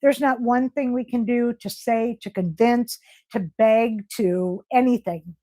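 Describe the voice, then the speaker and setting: A woman's voice: a little high, steady tone, measured pace, dark tone. A woman hosting a casual live stream, reading viewer comments aloud and answering them with gushing, emotional praise. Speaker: livestream host.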